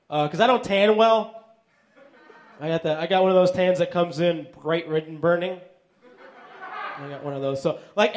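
A man in his thirties delivering stand-up one-liners in a deadpan way, with filler "uh"s. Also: high voice. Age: 30s. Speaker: stand-up comedian.

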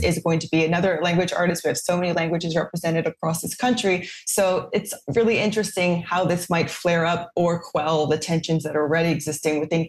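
A woman from Quebec, speaking as a thoughtful, articulate panelist in a discussion. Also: lowish voice. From Quebec, Canada.

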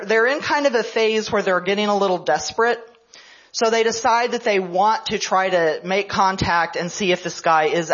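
A woman history professor delivers a conference lecture, recounting events as a story and stopping to explain them. Her voice sits at a middle pitch. It comes through a slightly dull, lo-fi radio broadcast. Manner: storytelling, explanatory, checks in with "right?".

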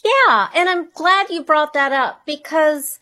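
A woman's voice: high-pitched, expressive, takes it slowly, bright, forceful tone. A middle-aged woman, a guest author and money coach, talking earnestly and reflectively in a radio interview. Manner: earnest, reflective, piling up questions.

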